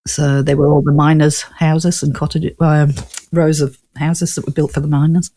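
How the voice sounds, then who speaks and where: This ghost tour owner from Newcastle has a deep, mellow voice with little pitch movement, talking at a moderate pace. As a guest in a relaxed interview chat, she's chatty, laughs often and meanders through stories in her northern English accent.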